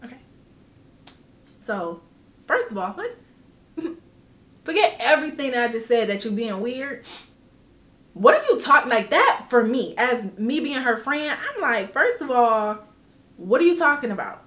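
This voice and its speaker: A woman vlogger telling a personal story in casual storytime style, animated and emphatic, swearing freely. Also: fairly high pitch, measured pace, long pauses, echoey room.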